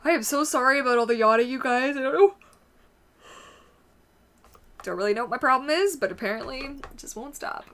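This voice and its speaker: A woman's voice: high voice, lively intonation, quick pace, a bit bright. A woman hosting a casual livestream, chatting and answering viewer comments as she reads them out. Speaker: livestream host.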